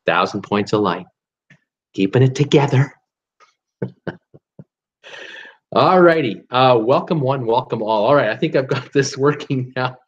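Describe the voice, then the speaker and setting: A man's voice: medium pitch, measured pace, long pauses, dull audio. Chatty rambling man hosting a live show. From Canada. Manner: chatty, rambling, self-deprecating, many fillers. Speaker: host of a live cruise show. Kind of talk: casual live-stream chat.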